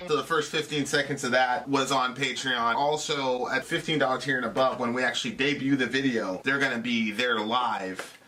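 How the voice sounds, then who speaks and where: A man co-hosting a live music reaction stream, talking casually and slipping into a booming mock-announcer voice. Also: fairly even intonation, moderate pace, hardly any pauses, bright, forceful tone. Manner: booming announcer-style hype with playful mock formality. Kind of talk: lively livestream chat.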